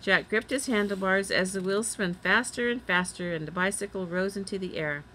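A woman reads a children's chapter book aloud in a clear, bright voice at a middle pitch. She lifts her voice a little for the children's lines. A faint hum sits under the recording. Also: normal speed, low-quality recording. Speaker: reader. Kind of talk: storybook read-aloud.

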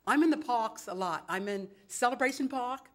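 A woman's voice: on the high side, normal speed. A woman from New York giving a chatty, dramatic public comment at a city council meeting, acting out both sides of each conversation. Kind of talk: animated storytelling at a council meeting. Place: council chambers.

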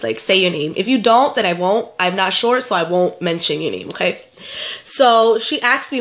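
A young woman with a stuffy, congested voice, talking casually to her camera. She gives relationship advice to her viewers in a chatty, repetitive way. Her pitch sits in the middle range. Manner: chatty, repeats herself, talks straight to viewers. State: stuffed up, getting sick. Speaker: vlogger answering viewer questions.

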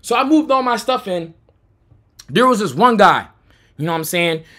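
A young American man who streams, telling a personal story in a loose, profane way, going from low mutters to shouts. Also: lively intonation, moderate pace. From United States. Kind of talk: storytime chat.

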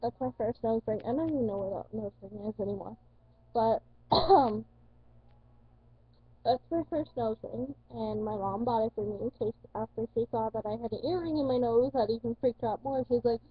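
Very husky rambling teen girl. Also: on the high side, moderate pace, no room sound. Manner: rambling, self-correcting, swears casually. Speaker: vlogger. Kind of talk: casual chat. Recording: dull lo-fi dry recording.

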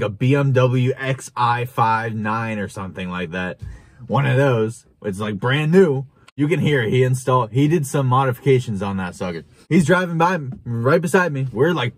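A young man telling a wild story to camera in a casual, animated way, laughing and swearing as he goes. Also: medium pitch, no echo. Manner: animated, chuckling, swearing, with restarts. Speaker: vlogger.

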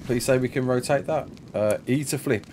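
Sleep-deprived gaming streamer, rambling. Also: male voice, medium pitch, normal speed, darkish tone, a little hiss or hum. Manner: chatty, rambling, answers chat questions while playing. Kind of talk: casual live gameplay chat.

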